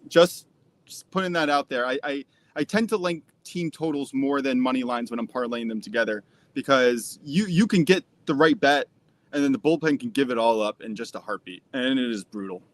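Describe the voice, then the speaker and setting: A man giving sports betting picks on a live show, quick and matter-of-fact. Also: a little high. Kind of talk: casual live-stream chat.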